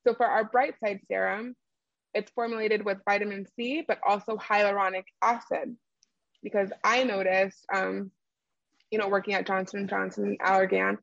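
Woman w gravelly voice talking about her skincare line, lots of ums, dry muffled audio. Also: medium pitch, fairly even intonation, moderate pace, dry recording. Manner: explanatory, many fillers, laughs easily. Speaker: skincare brand founder. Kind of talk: conversational interview answers.

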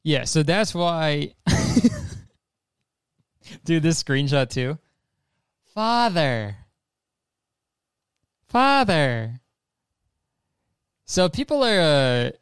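A man's voice: mid-range voice, clean tone, no room sound, studio quality. A young man hosting a casual trailer reaction, rambling and joking with swearing. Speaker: host.

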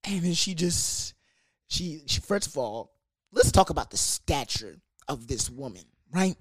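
A young adult speaker spins a rowdy party story with swearing and slang, full of asides and fillers. The delivery is lively and comedic, sitting at a middle pitch. The sound is close and dry, with no room echo. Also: unhurried, husky. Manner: animated, profane, comedic storytelling. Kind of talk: casual storytime monologue.

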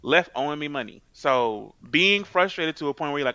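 A man's voice: on the high side, lively intonation, a little fast, bright, forceful tone, clean tone, no echo, muffled recording. A man co-hosting a podcast, chatting casually and telling stories in a blunt, profane way. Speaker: podcast co-host. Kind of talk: casual chat.

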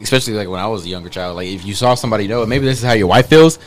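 A man's voice: fairly low pitch, very fast. A man hosting a podcast, telling a bar story in loose casual chat with lots of fillers. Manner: relaxed, rambling with many fillers. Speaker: podcast host.

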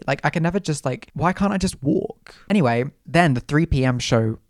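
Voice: medium pitch, brisk, hardly any pauses, no room sound, clean studio sound. A young adult podcast host, telling a story in a dramatic, gushing way and talking straight to the listeners. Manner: dramatic, expressive, gushing, addresses listeners as "you guys". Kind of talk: casual storytelling monologue.

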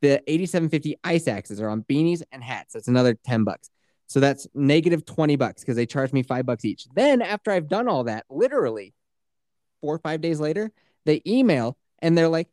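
A man's voice: on the high side, very animated, brisk, a little mellow, dry recording, studio quality. A man co-hosting a podcast in casual chat, ranting animatedly and swearing freely. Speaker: podcast co-host.

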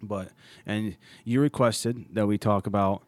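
A man's voice: on the low side, fairly even intonation, measured pace, dry recording. A man hosting a podcast in casual chat, rambling and restarting his sentences often. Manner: rambling, self-interrupting, many restarts. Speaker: podcast host.

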